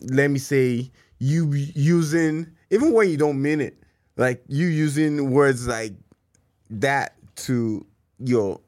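A man from Nigeria with a Nigerian accent, speaking thoughtfully and haltingly in a casual chat among friends, often restarting his sentences. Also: mid-range voice, a little mellow.

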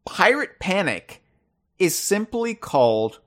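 Chatty podcast co-host man, lively delivery. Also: slow pace. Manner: animated, puts on a loud booming trivia voice; restarts and repeats words while thinking aloud. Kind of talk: casual chat.

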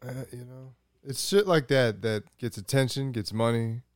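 A man co-hosting a podcast, throwing quick crude one-liners into the conversation. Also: mid-range voice, dry recording, clean studio sound. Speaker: podcast co-host. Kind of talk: casual crude banter.

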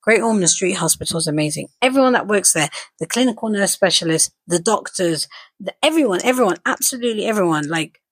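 A woman co-hosting a podcast, chatting casually and telling stories in an animated way, acting out what others said. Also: medium pitch, brisk, husky, dry recording. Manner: animated storyteller, acts out quoted dialogue. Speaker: podcast co-host and mother. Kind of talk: casual chat.

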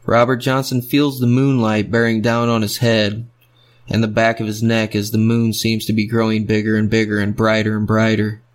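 A man's voice: on the low side, completely flat delivery, normal speed. A man narrating a story in rhythmic, fragmentary phrases.

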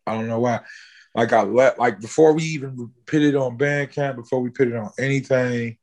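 A man in an interview, casually telling a long story, swearing freely and jumping high in pitch when he acts out what people said. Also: fairly even intonation, normal speed, darkish tone. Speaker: interview guest, musician.

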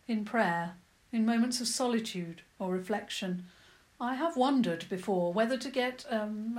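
A kind, gentle Tudor priest, voiced by a woman reading a storybook. He speaks gravely and without hurry, softly and warmly. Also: fairly high pitch, lightly acted.

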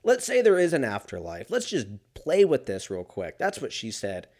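A man's voice: medium pitch, huge pitch swings, moderate pace, darkish tone. A man talking alone in a casual monologue as a podcast host, rambling and swearing and often laughing.

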